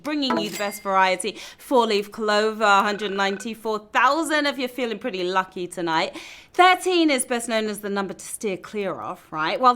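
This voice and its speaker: A woman hosting a live trivia game show, reading questions and tossing out playful, teasing quips between answers. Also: fairly high pitch. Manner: playful, quippy, teasing asides. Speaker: quiz show host.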